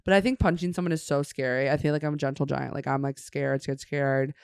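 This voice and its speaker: Smooth-voiced woman telling a rambling story. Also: extremely low pitch, fast talker, no room sound, clean studio sound. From Chicago. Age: 30s. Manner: animated, rambling, self-mocking. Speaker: guest comedian. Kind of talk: casual podcast storytelling.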